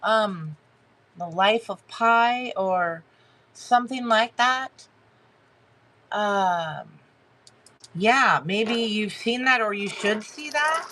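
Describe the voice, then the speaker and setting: A woman giving a live tarot reading to her chat, talking haltingly with many fillers and restarts and greeting viewers by name. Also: medium pitch, expressive, bright, forceful tone, slight background noise. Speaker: tarot reader hosting a live stream.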